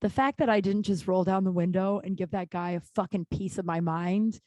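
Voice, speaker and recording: A woman in her thirties talks through a casual solo podcast in a voice of ordinary middle pitch. She is candid and profane, restarting her sentences often and bursting into animated rants. The recording is close and dry with no room sound. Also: brisk, no room sound. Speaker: podcast host.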